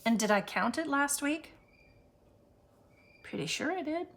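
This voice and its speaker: A woman counts bills out loud for her budgeting vlog, her voice slipping into gravelly fry as she goes. She murmurs numbers softly and adds self-deprecating comments, over a faint hiss of background noise. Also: high voice, expressive, unhurried. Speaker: budgeting vlogger. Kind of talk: casual cash-stuffing vlog.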